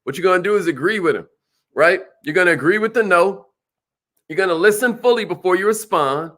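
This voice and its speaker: High bright-voiced man coaching a crowd. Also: brisk. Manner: animated, preacherly, calls out to the audience. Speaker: sales trainer. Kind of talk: motivational seminar talk.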